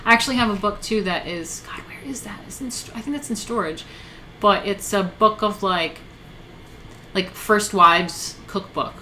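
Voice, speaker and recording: A woman's voice: medium pitch, moderate pace, bright, forceful tone, slight background noise. A woman in her thirties chatting casually on a live stream, rambling, swearing and answering chat. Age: 30s.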